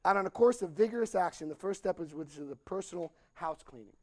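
An older man telling a story at a recovery meeting, animated and acting out the dialogue, laughing as he goes. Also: sits high, fast, dry recording. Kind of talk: storytelling talk.

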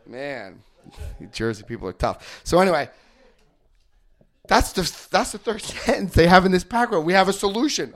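A man speaks to a large audience, his fairly high voice swinging up and down with lively energy. He cracks jokes and fires rhetorical questions at the crowd. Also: normal speed, long pauses. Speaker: recovery workshop speaker. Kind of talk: lively talk to a live audience.

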